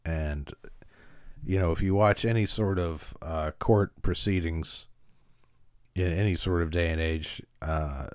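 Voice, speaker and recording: A man's voice: low-pitched, slow pace, darkish tone, smooth, no echo, studio quality. A man hosting a podcast, casually recapping an episode with frequent fillers and restarts. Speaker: podcast host.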